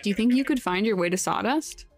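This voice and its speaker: A woman's voice: medium pitch, animated, quick pace, soft background music, natural voice. A woman voicing a friendly, chatty man who runs a bus depot, reading his lines in a folksy, easygoing way. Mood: asking a favor. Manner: folksy, easygoing, read aloud from game text.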